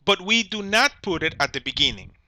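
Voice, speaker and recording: A man's voice: high-pitched, big pitch swings, brisk, pushed and bright, slight background noise. A man teaching an English grammar lesson, explaining patiently, checking in with "all right?" and correcting himself as he goes. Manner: corrects himself mid-sentence.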